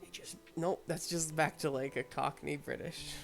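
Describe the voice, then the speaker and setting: A man hosting a casual livestream, muttering quietly to himself as he concentrates on painting a miniature. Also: fairly high pitch, steady tone, normal speed, vocal fry, faint music behind. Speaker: host.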